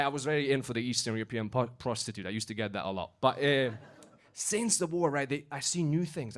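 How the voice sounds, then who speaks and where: A young man from Romania performing a stand-up comedy set in a club basement, telling stories with lots of filler words. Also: mid-range voice. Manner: animated storytelling with filler words.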